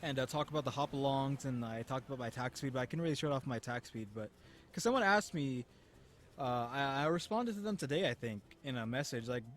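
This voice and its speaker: A man's voice: mid-range voice, animated, quick pace, fairly bright tone, a little hiss or hum. Rambling young gamer guy. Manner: rambling and chatty, lots of fillers and restarts. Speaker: gaming YouTuber. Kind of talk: casual gameplay commentary.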